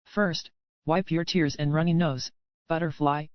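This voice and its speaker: A possessive young bully with a hot temper, shouting harshly one moment and murmuring softly the next, as a man reads him. The voice sits a little high and smooth. It comes from a dry, slightly dull audiobook recording. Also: steady tone, unhurried, no echo, natural voice. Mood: tender.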